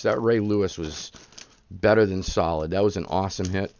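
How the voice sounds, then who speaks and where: A man's voice: low-pitched, moderate pace, creaky, a little mellow, lo-fi sound. A man in his thirties hosting a live card-breaking stream, chatting casually and hyping up the pulls. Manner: chatty, rambling, hypes up the pulls.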